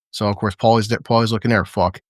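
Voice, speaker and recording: A man's voice: fairly low pitch, dry recording. Guy rambling through an episode recap, swears constantly, laughs a lot, dry close sound. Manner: rambling, profane, laughing often. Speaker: show recap host. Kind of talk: casual livestream episode recap.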